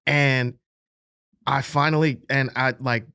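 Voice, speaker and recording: A man's voice: mid-range voice, steady tone, slow, vocal fry, bright, forceful tone, clear, resonant tone, no room sound, studio quality. A young man from the Bronx, chatting casually as a podcast guest, slangy and profane, often asking "you know what I mean.". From the Bronx, New York. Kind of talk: casual chat. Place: podcast studio.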